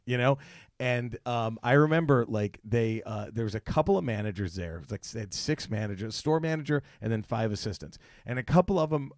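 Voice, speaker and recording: A man in his thirties, a comedian, telling an animated, profane story on a podcast and laughing as he goes. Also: mid-range voice, dry recording, clean studio sound. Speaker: guest comedian.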